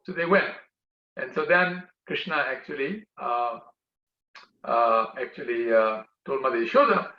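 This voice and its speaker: A man giving a religious talk, telling a story in an animated, chatty way with many fillers. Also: medium pitch, a little slow, slight background noise. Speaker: devotional speaker. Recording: roomy, dull recording.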